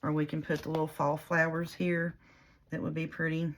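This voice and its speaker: A woman's voice: low voice, flat delivery, moderate pace. A woman chatting casually through a paper craft tutorial, rambling in a folksy way and talking through her own mistakes as she works. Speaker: paper crafter demonstrating a project.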